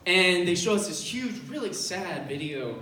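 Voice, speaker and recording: Performing stand-up before a college audience, a young man spins a story and imitates the voices of the people in it. His high voice is expressive, bright and forceful at a moderate pace. Captured live from a distance in a roomy, noisy space, with laughter from the crowd.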